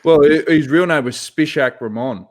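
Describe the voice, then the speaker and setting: A man's voice: a little high, moderate pace. A man co-hosting a podcast in loose, easy chat. He is laid-back, calls people mate and swears freely. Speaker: podcast co-host. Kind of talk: casual chat.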